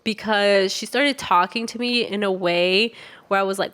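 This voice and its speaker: A woman's voice: mid-range voice, expressive, normal speed, fairly bright tone, clean tone. A young woman co-hosting a podcast, casually telling a story, acting out the quoted voices and swearing freely. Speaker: podcast co-host.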